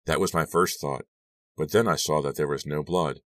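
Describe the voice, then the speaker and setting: An audiobook narrator with an extremely deep male voice reading a first-person story steadily. The sound is close and dry, with no room around it. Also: steady tone, normal speed, fairly bright tone, no echo, recorded from a distance.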